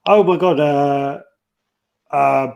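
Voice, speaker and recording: A man's voice: on the high side, steady tone, very slow, gravelly, muffled recording, noisy background. A man hosting a casual collectibles livestream, telling stories with plenty of swearing and greeting chat viewers. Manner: swears a lot, tells stories, reads out chat names.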